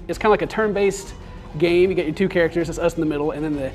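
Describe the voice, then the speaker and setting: A man's voice: on the high side, fast, faint music behind. A young man giving goofy, rambling commentary as he plays a mobile game. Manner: goofy, rambling, self-amused. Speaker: gaming video host. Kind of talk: casual let's play commentary.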